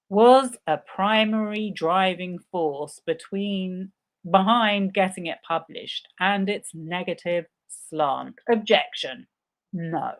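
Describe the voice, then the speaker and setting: A woman's voice: lowish voice, slow pace. A woman live-streaming a reading of a legal deposition, voicing the questions and answers herself and breaking in with sarcastic asides. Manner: reads several parts in turn, interjects sarcastic asides. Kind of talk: live dramatic reading with commentary.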